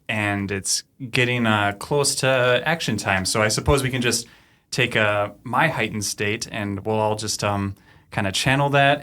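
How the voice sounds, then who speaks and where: A man's voice: on the low side, sharp tone. A man playing a tabletop game, speaking in character in an affable, rambling way with lots of fillers. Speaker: player.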